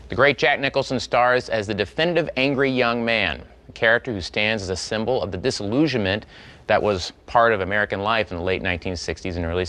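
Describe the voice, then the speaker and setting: A man hosting a classic film channel, giving a measured, formal scripted introduction. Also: fairly low pitch, pushed and bright.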